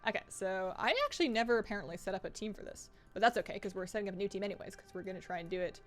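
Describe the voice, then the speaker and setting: A woman's voice: medium pitch, rapid-fire, faint music behind. A woman hosting a casual live stream from home while gaming, chatty and rambling with frequent laughs, her sentences restarting. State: slightly out of breath.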